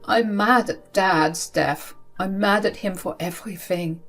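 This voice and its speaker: A woman voicing a grieving young man, angry and remorseful, in a tearful, halting confession. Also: medium pitch, fairly bright tone, soft background music.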